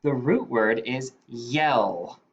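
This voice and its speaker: Slow, deliberate male phonics teacher. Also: medium pitch, highs cut off. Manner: slow, deliberate, sounding out words. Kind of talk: phonics dictation lesson.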